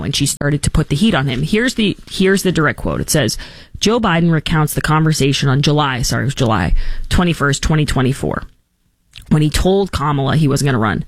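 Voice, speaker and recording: Animated, sarcastic woman talk host. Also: low-pitched, fairly quick, dry recording. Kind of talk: opinionated political talk.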